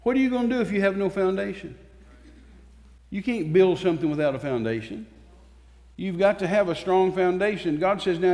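Delivering a sermon to a church congregation, a man speaks with fervor and emphasis, punctuating it with pauses and repeated phrases. His voice sits high with a darkish tone, echoing with the hall's long reverb.

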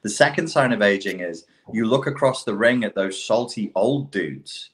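A middle-aged man tells stories in casual conversation, animated and profane, acting out the quotes. His voice sits on the low side, at normal speed.

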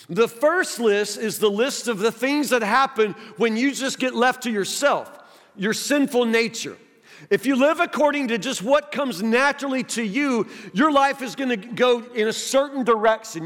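A man's voice: extremely high pitch, fairly bright tone. A male pastor preaching a sermon in a conversational style, often restarting words and asking the congregation direct questions. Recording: long hall reverb.

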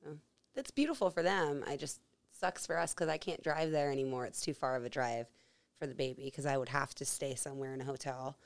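A woman's voice: extremely low pitch, a little fast, dry recording. A woman, mother of a young son, chatting casually as a podcast co-host. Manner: chatty, animated when retelling her son. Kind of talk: casual chat.

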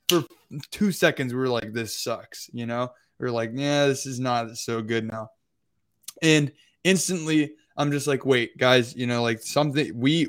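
A young man co-hosting a podcast, telling a travel story in a loose, rambling way with lots of filler words. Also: a little high. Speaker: podcast co-host. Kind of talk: casual storytelling.

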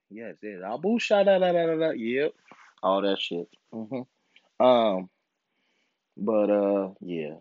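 A young podcast host rants casually in a lowish voice, swearing a lot and mocking people with put-on voices. It's a casual monologue, recorded with dull, dry lo-fi sound.

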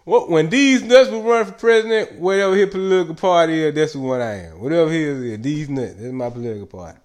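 A man carries a loose solo monologue, rambling from one story to the next. He swears constantly and keeps breaking into laughter. His voice sits a little higher than most men's. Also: animated, fast talker, a little mellow. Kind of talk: casual profane monologue.

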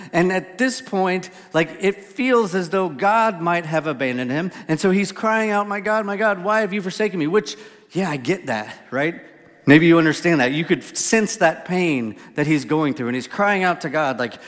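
Man, pastor, casual sermon, asks the crowd questions, long hall echo. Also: high-pitched. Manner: relaxed, lots of "like" and restarts, asks the audience questions. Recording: reverberant hall.

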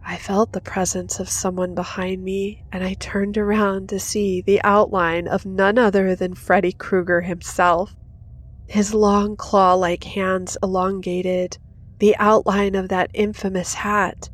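Narrator: woman, dramatic scripted horror reading, faint music underneath. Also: mid-range voice. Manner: dramatic, rising to intense in action.

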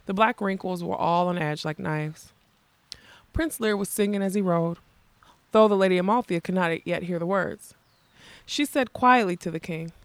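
An audiobook narrator reads fantasy prose at an even, unhurried pace. The voice sits in a middle range. It is recorded close on a dry studio mic with no room echo. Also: mid-range voice, smooth.

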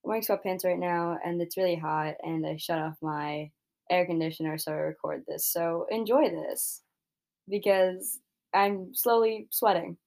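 A woman's voice: on the low side, fairly even intonation, normal speed, creaky, a little mellow. A young woman hosting her own podcast, talking in a rambling casual monologue full of "like" and "right?", swearing freely and getting heated when frustrated. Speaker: podcast host.

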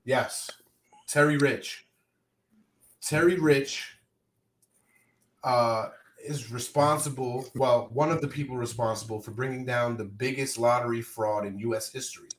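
A man's voice: medium pitch, steady tone, measured pace, long pauses. A man hosting a casual podcast over a video call, joking, loose and profane. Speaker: podcast host. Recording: roomy echo, faint noise.

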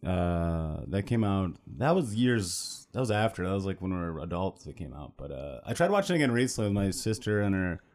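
A man's voice: deep voice, sing-song, a little fast, hardly any pauses, darkish tone. A man from New York with a slight twang and a mumbly delivery, talking casually and profanely as a comic guest on a podcast. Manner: loose and profane, laughs often. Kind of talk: casual chat.

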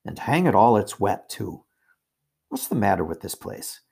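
A man's voice: lowish voice, very animated, moderate pace, vocal fry, mellow, husky, heavily acted. A man reading aloud and voicing a confident eldest brother with hearty, old-fashioned schoolboy talk. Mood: earnest.

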